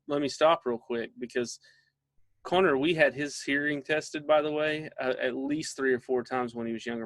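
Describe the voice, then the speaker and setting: A man's voice: medium pitch, fairly bright tone, dry recording. A middle-aged man, a father, leading a casual training session for parents and often checking in with his listeners.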